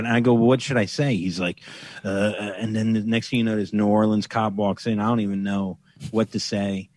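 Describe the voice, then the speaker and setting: A man's voice: lowish voice, measured pace, long pauses, dry recording. A man as a podcast guest, telling a funny anecdote in casual chat and acting out the voices in it. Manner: animated, acts out voices in anecdotes. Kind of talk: casual comedic storytelling.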